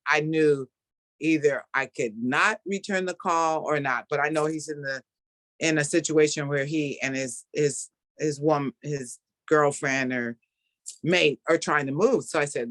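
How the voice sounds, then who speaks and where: A middle-aged woman hosting a casual video call chat, speaking warmly about a spiritual practice and laughing often. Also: sits low, moderate pace, dry recording. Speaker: host.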